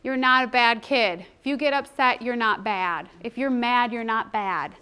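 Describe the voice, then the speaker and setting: Woman presenter, fairly high voice, conversational, animated, talk to educators. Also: normal speed, clear, resonant tone. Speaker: presenter on child emotional development.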